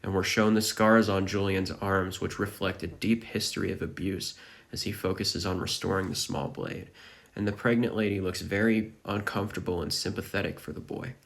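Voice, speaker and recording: A man's voice: sits low, fairly even intonation, normal speed, creaky, fairly bright tone. A man narrating a dramatic recap of a manga chapter.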